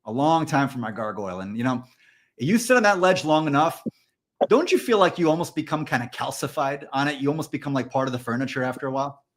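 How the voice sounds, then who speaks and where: A man co-hosting a candid podcast conversation, telling stories in a loose, animated way with plenty of fillers. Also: medium pitch, fast talker. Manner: storytelling, animated, frequent fillers. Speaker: podcast co-host.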